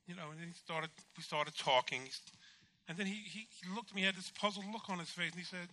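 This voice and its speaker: Bright-voiced pastor telling a lively story. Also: male voice, high voice, brisk. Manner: animated storyteller, acts out dialogue with laughs. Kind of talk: storytelling testimony.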